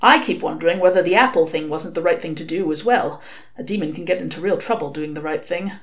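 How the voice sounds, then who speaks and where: A woman's voice: fairly low pitch, quick pace, lightly acted. A woman voicing a sly, sarcastic male demon with a wry, casual manner. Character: sly, sardonic male demon, former serpent.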